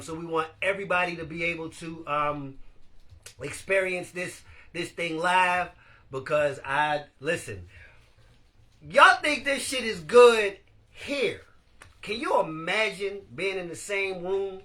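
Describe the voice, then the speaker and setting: A man hosting a casual live-stream podcast, animated and laughing as he talks to his viewers. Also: high-pitched. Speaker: podcast host.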